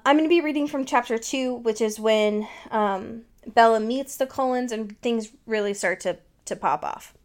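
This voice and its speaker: Woman host, a bit high, jokey and loose, reads fan fiction aloud to her co-host. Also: moderate pace, hardly any pauses. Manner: joking, laughs often, many fillers. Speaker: podcast host. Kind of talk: casual chat and reading fan fiction aloud. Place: Seattle.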